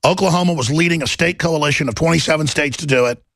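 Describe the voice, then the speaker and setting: A man hosting a talk show, delivering an impassioned, urgent monologue that bursts into shouting. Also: on the high side, fast, no room sound.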